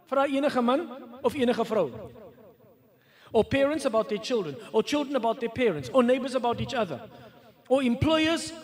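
A man giving a sermon, reciting Arabic verses and translating them, with many rhetorical questions. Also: very high voice. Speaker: preacher.

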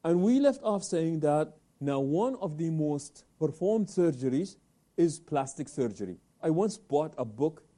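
Lively man hosting a religious talk show. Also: fairly high pitch, unhurried. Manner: animated, asks and answers own questions; sprinkles Arabic religious phrases. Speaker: host of Islamic talk program.

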